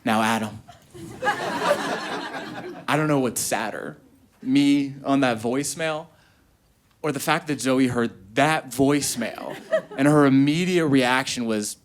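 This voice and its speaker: A man doing a stand-up comedy set on stage, telling stories animatedly and acting out quotes in high voices. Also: slow pace, pauses often, background noise. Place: comedy stage before a live audience.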